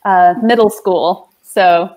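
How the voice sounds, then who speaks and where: An American woman from Long Island, a sommelier, answering interview questions in an unhurried, clearly articulated way with frequent light laughs. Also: lowish voice, steady tone, darkish tone. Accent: neutral American, regional accent deliberately lost. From Long Island, New York. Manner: slow, deliberately clear speech with frequent laughs. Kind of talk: casual interview.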